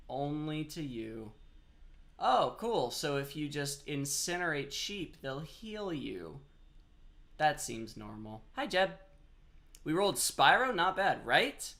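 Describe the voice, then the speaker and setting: A man's voice: fairly high pitch, sharp tone. A man on a headset mic giving casual live game-stream commentary, chatty and rambling as he answers chat while he plays.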